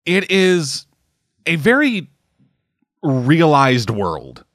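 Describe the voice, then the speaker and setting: A man's voice: fairly high pitch, huge pitch swings, very slow, a bit bright, no echo, clean studio sound. A man in casual chat who rambles, swears often and fills his talk with "like" and "uh". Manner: rambling, swearing, lots of fillers.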